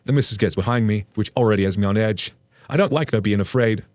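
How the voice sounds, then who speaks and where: A man's voice: fairly low pitch, fast, darkish tone, no room sound. A man casually narrating online stories, chatting directly to his listeners. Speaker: story narrator.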